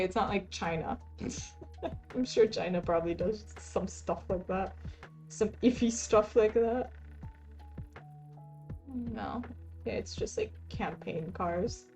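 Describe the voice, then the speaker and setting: A woman's voice: medium pitch, a little mellow. A young woman streaming and chatting casually, rambling and laughing often as she plays. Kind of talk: casual live-stream chat while playing.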